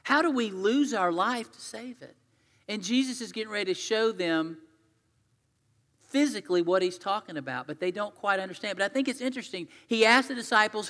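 A man's voice: high voice, fairly quick, bright, forceful tone, long reverb tail. A man preaching a sermon as pastor, earnest and conversational as he retells scripture in his own words.

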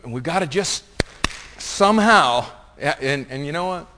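A man preaching a sermon as pastor, swinging from hushed asides to loud, impassioned reading. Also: a little high, quick pace, noisy background. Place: church sanctuary. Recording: long reverb of a large hall.

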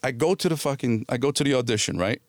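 A man's voice: medium pitch, quick pace, no echo, clean studio sound. A middle-aged man from the New Jersey area, an actor telling stories in a casual interview and acting out people's lines. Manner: animated anecdotes, quotes people in dialogue. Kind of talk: casual storytelling.

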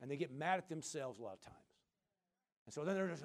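Animated middle-aged male pastor preaching. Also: fairly high pitch, fast, vocal fry. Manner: animated preaching that swings between loud bursts and quiet asides; calls out to the congregation. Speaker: senior pastor. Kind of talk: sermon.

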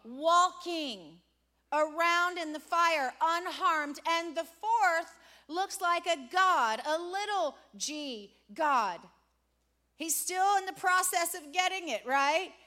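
High-voiced woman preaching with dramatic emphasis. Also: animated, bright, forceful tone. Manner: dramatic, drawn-out emphasis, quizzing the congregation. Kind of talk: sermon with call-and-response questions. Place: church before a congregation.

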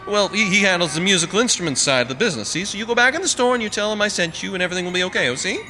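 A man voicing a gruff, down-and-out man who works as a hired Santa, blustering and wheedling in street slang, in a recording with long reverb and faint music. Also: high-pitched, animated, rapid-fire, bright, forceful tone, pitched above the performer's own voice.

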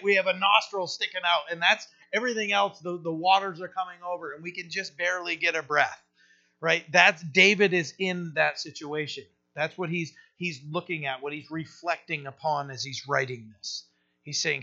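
Bright-voiced male pastor, dull recording. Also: a little high, steady tone. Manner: casual, halting, with many fillers and restarts. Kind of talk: conversational sermon.

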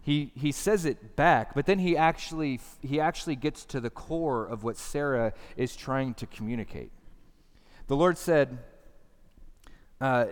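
A man's voice: mid-range voice, animated, measured pace. Man preaching in a reverberant hall. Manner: conversational, emphatic preaching with rhetorical questions. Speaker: pastor. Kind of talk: sermon. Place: church hall.

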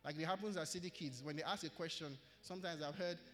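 A man's voice: on the high side, fast, fairly bright tone. A man with a Nigerian English accent preaching an earnest sermon to his church and repeating key phrases for emphasis. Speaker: pastor. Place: church hall. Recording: long church hall reverb.

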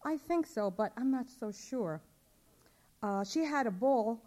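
A woman's voice: a little high, animated, unhurried, dark tone, voice pushed up. A woman voicing a worried young mother asking around for her missing daughter, polite and pleading. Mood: anxious. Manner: anxious, polite, pleading questions.

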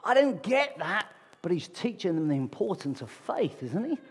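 A man delivers a sermon with a husky, slightly raised voice. He talks to the congregation in a conversational way and keeps asking them rhetorical questions. His words ring out with the long reverb of a large hall. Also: high-pitched, very animated, moderate pace. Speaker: preacher. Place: church meeting hall.

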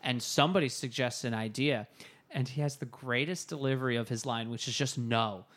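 A man co-hosting a casual podcast about a movie, animated and acting out quoted lines. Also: mid-range voice, brisk. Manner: animated, acts out lines from the film. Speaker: podcast co-host. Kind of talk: casual chat reviewing a movie.

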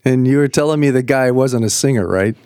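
A man's voice: mid-range voice, fairly quick, darkish tone, smooth, no echo, studio quality. A man hosting a faith podcast who interviews his guest casually, encouraging him and often checking in with him. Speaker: podcast host.

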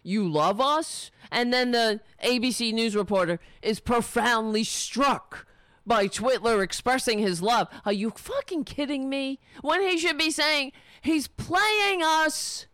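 A woman's voice: fairly high pitch, measured pace, fairly bright tone, no echo, studio quality. A woman delivering an angry, sarcastic and profane political rant. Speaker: political commentator.

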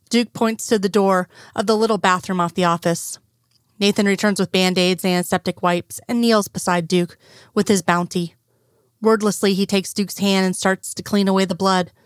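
A woman narrating a fan fiction story in a steady, even storytelling manner. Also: medium pitch, dry recording, studio quality. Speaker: audiobook narrator.

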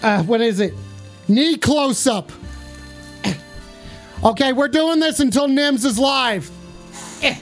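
Very high-voiced, excitable male streamer. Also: slow pace, pauses often. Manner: excitable, heavy swearing, hype shout-outs. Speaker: livestream host. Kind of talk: live stream sign-off. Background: music.

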